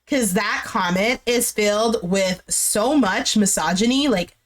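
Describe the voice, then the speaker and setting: A woman's voice: mid-range voice, unhurried. A woman casually recapping a reality show, chatty and slangy, exasperated and emphatic as she talks. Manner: chatty and slangy, says "bro" and "like" a lot. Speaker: recap vlogger.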